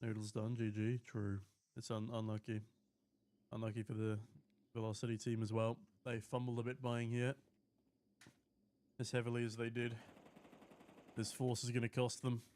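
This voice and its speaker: A man's voice: medium pitch, completely flat delivery, moderate pace, long pauses. A man casting a live esports match alone, calling the action and chatting with viewers in between. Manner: chatty, eating while casting, reads chat aloud, rises to shouting at big plays. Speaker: esports caster. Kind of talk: solo live esports commentary with chat replies. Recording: streamed with clear background noise.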